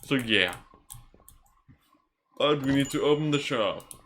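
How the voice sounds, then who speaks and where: A very tired man talks through a video game in loose, casual commentary, dropping curse words and stumbling over his own sentences. His voice sits at an average pitch for a man but carries a bright, forceful edge. He sounds worn out and past caring. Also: animated, slow pace, slight background noise. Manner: laid-back, swears casually, restarts words. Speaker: gaming channel host. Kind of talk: casual let's-play commentary.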